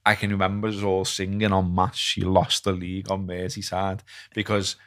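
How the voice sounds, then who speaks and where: A middle-aged man, chatting on a football podcast and getting animated when he retells rows. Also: low-pitched, moderate pace, dry recording, studio quality. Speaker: podcast host. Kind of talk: casual chat.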